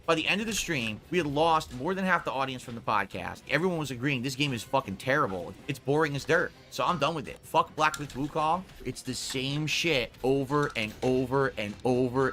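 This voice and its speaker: A man's voice: mid-range voice, sharp tone. A man, a gaming streamer, ranting angrily about games he played, swearing often and sounding fed up. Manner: angry, swearing, exasperated rants. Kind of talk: ranting game review over gameplay clips.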